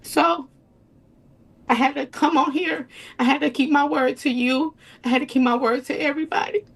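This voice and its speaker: A woman's voice: high-pitched, fairly even intonation, normal speed, vocal fry. A young woman, an interview guest recounting a personal ordeal in a tumbling, repetitive way. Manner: tumbling storytelling, quotes others in voices, repeats and restarts. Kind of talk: emotional personal account.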